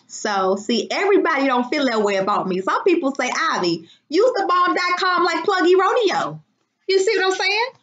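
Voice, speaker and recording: A woman's voice: extremely high pitch, big pitch swings, moderate pace, a bit bright, a little hiss or hum. A woman from Washington, D.C., chatting casually and rambling on her livestream, using folksy slang. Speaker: livestream host. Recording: dull lo-fi sound.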